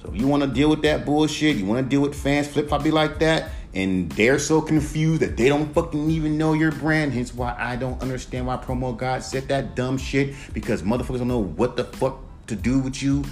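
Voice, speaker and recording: A man's voice: medium pitch, a little fast, hardly any pauses, faint music behind. A man hosting a solo podcast, ranting in a casual, profane, emphatic way and mocking others in put-on voices. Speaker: podcast host.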